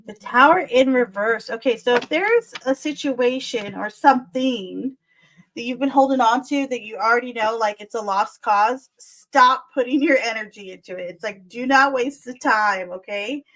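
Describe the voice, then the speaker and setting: A woman's voice: on the high side, normal speed, fairly bright tone, low-quality recording. A woman doing live-stream tarot readings, chatty and soothing, calling viewers "my dear" and "lovey". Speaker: tarot reader.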